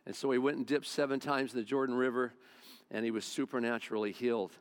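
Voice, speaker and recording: A man's voice: mid-range voice, steady tone, fast. A male pastor preaching a sermon, retelling a Bible story in a folksy, conversational way.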